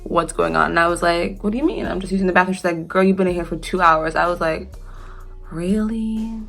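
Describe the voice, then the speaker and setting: A woman's voice: on the low side, fairly even intonation, fairly quick, gravelly, fairly bright tone, soft background music. A young American woman casually telling a storytime tale, chatty, laughing and swearing freely. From United States.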